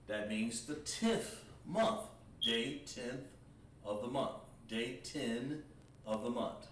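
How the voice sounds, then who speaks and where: Guy teaching a language class online, goes slow and repeats stuff, sounds far off in a roomy space. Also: medium pitch, expressive. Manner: slow, repetitive, drawn-out pronunciation drills. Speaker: Hebrew language instructor. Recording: roomy echo, distant mic, faint background noise.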